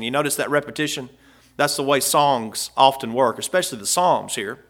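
A man's voice: mid-range voice, normal speed, a bit bright. A man preaching a sermon in a folksy way, rising and swelling when he reads scripture aloud. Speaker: pastor.

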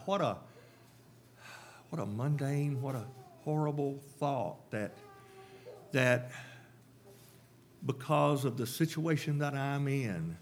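A man's voice: mid-range voice, takes it slowly, pauses often. A man preaching a sermon, emphatic and repetitive, with rhetorical questions to the congregation.

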